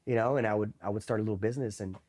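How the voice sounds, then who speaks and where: A man's voice: fairly low pitch, racing. A man from East Los Angeles, a Marine veteran in his thirties, telling war-era stories in a loose, profane way and acting out the voices of others. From East Los Angeles, USA. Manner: profane, animated, acts out quoted voices. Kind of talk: casual storytelling interview.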